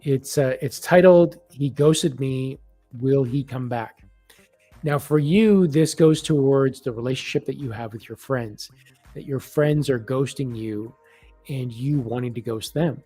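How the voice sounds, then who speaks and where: A man hosting a live online reading, talking casually with warm affirmations and many restarts. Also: mid-range voice, a little slow, slightly rough, faint music behind. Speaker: psychic reader hosting a live event.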